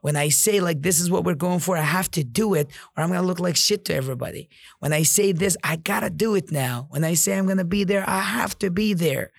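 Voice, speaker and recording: Male podcast host, slightly high and gravelly, blunt, profane motivational monologue, dry close sound. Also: brisk, no echo. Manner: blunt and profane, heavy use of "like" and "you know". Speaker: podcast host and business owner.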